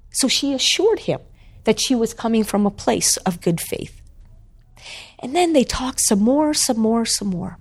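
Slow, animated woman telling a story. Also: fairly high pitch. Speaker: author and guest. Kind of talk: storytelling in a conversation.

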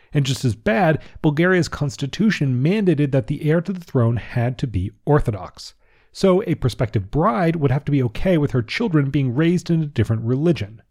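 A man's voice: mid-range voice, a little mellow. Casual male history podcast narrator. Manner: casual, chuckling asides, some restarts. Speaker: podcast host.

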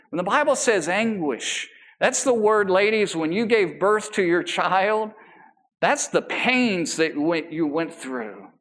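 A man preaches a sermon with a light, high-pitched voice that swoops up and down in lively rises and falls. He stretches key words out slowly for emphasis, then slips into casual, joking asides. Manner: animated, emphatic preaching with drawn-out, slow emphasis; casual asides and self-deprecating humor. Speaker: pastor.

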